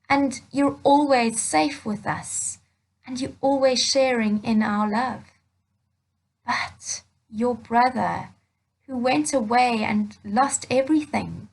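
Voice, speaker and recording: A woman voicing a loving father in a children's Bible story, fussing excitedly over a son who has come home. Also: very high-pitched, voice pushed up, full character voice, rough recording.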